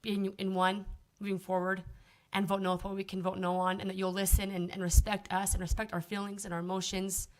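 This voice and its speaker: A woman giving public comment at a council meeting, making an earnest and steady appeal. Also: medium pitch, brisk, hardly any pauses. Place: city council chamber.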